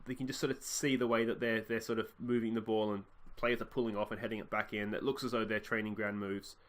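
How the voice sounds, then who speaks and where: A man's voice: lowish voice, fast. A man casually commentating on his football management game as host, musing and reacting to the action. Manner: chatty, musing, bursts of excitement. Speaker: let's play host.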